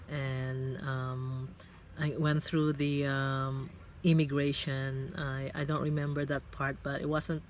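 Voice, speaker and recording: A middle-aged man with a Filipino accent, recording a casual vlog in his car and telling a personal story in a reflective, halting way with many fillers. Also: mid-range voice, slight background noise. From Philippines. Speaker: vlogger. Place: parked car.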